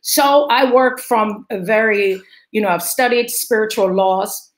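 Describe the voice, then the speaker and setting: A woman with a light Jamaican accent, an energetic business coach speaking emphatically in a video-call interview. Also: mid-range voice, measured pace. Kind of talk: interview conversation.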